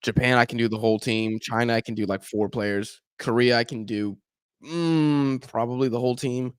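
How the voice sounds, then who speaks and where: A clean-toned, mid-range male voice moves at a moderate pace on a dry recording. Hosting a football watch-along, the young man keeps up casual, animated chat with viewers, offers match commentary, and impersonates fans' complaints about him.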